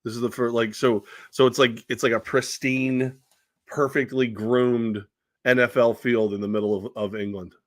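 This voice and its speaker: A male sports talk host who teases his co-host and rambles through his points with fillers. His voice sits at a middle pitch and is recorded close and dry. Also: level tone, moderate pace, dry recording. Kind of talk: casual sports chat.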